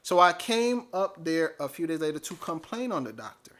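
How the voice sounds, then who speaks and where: A man telling a personal story casually, animated and full of fillers. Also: fairly high pitch, normal speed. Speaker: vlogger.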